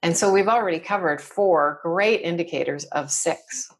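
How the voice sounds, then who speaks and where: A woman's voice: lowish voice, normal speed, husky. A woman explaining workplace communication as a podcast guest, acting out example phrases as she goes. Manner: animated, acts out example phrases. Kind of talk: conversational teaching.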